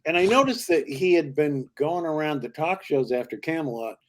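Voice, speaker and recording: An older male comedian as a podcast guest, telling long showbiz stories in a lively way and slipping into character voices. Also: fairly high pitch, normal speed, a little hiss or hum. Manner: lively raconteur who slips into character voices. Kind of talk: anecdotal storytelling.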